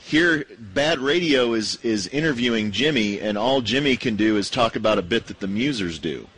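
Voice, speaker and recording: A man's voice: mid-range voice, lively intonation, normal speed, a bit bright, husky, low-quality recording. A man co-hosting a sports radio show, making dry, wry comments in casual banter. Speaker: radio co-host.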